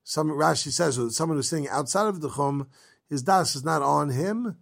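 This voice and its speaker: Male Talmud teacher, casual and lively, slightly high voice, acts out quotes. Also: moderate pace, gravelly. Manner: reads Aramaic then explains in casual English.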